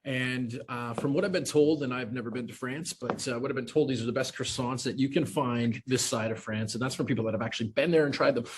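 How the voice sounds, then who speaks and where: A man's voice: mid-range voice, a little hiss or hum. A man co-hosting a podcast, talking in a loose, rambling way. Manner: loose, rambling, quick talker. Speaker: co-host. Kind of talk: casual podcast chat.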